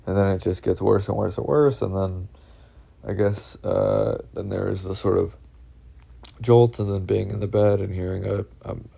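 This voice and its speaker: A man telling of his own experiences in a halting, anxious monologue, full of fillers, restarts and swearing. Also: low voice, creaky, dark tone, husky. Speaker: vlogger recounting personal experiences. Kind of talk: rambling first-person monologue.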